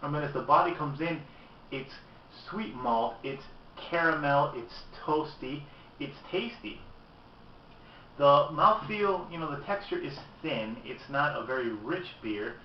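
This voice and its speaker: A man chatting candidly through a beer review, sitting back from a camera mic in an echoey room. The sound is dull and lo-fi, with a faint hum of room noise behind him. His voice sits at an ordinary middle pitch. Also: measured pace. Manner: chatty and candid, tasting as he talks. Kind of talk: casual video review. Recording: roomy, distant, dull lo-fi camera audio.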